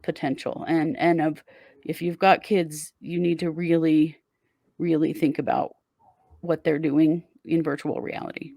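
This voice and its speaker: Lower-voiced woman co-hosting true crime chat. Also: level tone, unhurried, gravelly, mellow, no room sound, clean studio sound. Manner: earnest, warns listeners, laughs easily at jokes. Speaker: podcast co-host.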